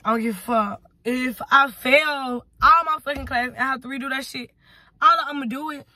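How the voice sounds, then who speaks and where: Brash, high-voiced young woman vlogger. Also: normal speed, no room sound. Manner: profane, brash, rambling and animated. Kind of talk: casual vlog rant.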